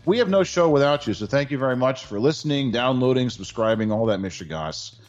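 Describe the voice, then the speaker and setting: A man's voice: medium pitch, lively intonation, fairly quick, highs cut off, faint music behind. A male podcast co-host giving a sarcastic, mock-formal award speech in casual sports banter.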